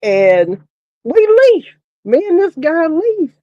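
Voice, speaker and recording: A middle-aged woman tells a story in a slow, unhurried drawl, breaking into laughter again and again. Her voice sits a little high and sounds close and dry, with no room around it. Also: very animated, mellow, no echo, highs cut off. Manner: laughs often while telling a story, swears casually. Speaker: podcast co-host, former funeral director. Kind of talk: casual storytelling chat.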